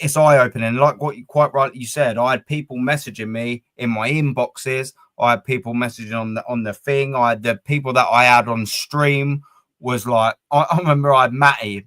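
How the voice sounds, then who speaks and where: A man hosting a casual livestream chat, rambling and animated, swearing freely. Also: mid-range voice, no echo. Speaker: podcast host.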